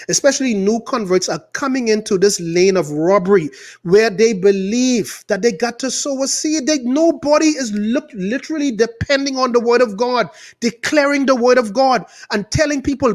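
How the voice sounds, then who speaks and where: A Bahamian man preaching with fire and indignation. His delivery swings between loud, emphatic outbursts and quieter asides. He sounds like a pastor pressing his point hard. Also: very high voice, lively intonation, normal speed. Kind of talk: impassioned preaching.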